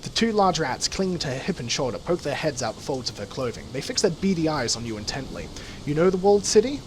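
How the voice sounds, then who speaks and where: Lively man narrating a video game. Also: medium pitch, fast, a little hiss or hum. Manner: lively, self-interrupting, reacts aloud. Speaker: let's play host. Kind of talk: reading game text aloud and commenting. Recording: game music behind.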